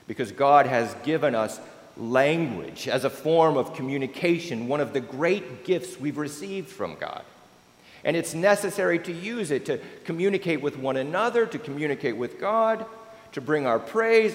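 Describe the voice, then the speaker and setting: Male pastor, expressive sermon delivery, mid-pitched voice, roomy church sound. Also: unhurried. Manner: expressive preaching, swelling and dropping to near-whispers.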